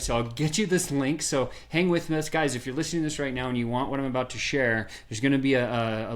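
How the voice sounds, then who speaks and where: A man guest on a podcast, explaining a sales method with lively storytelling and quick bursts of acted-out dialogue. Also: medium pitch. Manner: animated storyteller, acts out quoted voices. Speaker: podcast guest, software founder. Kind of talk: energetic sales pitch in conversation.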